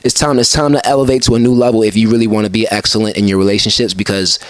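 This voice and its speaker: A man's voice: fairly low pitch, fairly even intonation, very fast, dry recording. A man co-hosting a casual podcast chat, giving a profane, fired-up motivational speech full of restarts. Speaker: podcast co-host.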